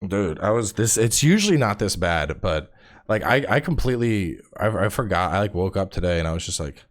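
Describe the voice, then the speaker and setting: Casting: man, 30s, very low voice with swooping, animated delivery; casual podcast guest who acts out his anecdotes. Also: fairly quick. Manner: animated storytelling, acts out quotes, swears casually. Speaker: podcast guest, game streamer. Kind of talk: casual chat.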